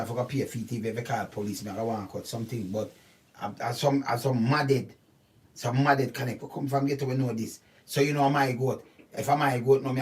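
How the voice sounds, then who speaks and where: A man with a Jamaican accent giving casual, animated commentary on a news story, often stopping to ask "see?". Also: mid-range voice. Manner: animated, repetitive, keeps asking "see?". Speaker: channel host. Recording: voice distant from the mic.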